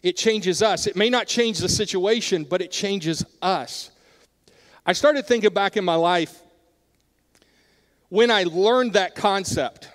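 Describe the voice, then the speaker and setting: A middle-aged male pastor preaching with a high, bright-pitched voice. He talks in an earnest way and turns hushed during personal stories, and a long hall reverb trails after his words in the church. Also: slow pace, long pauses. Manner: earnest, drops softer when telling personal stories. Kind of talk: sermon.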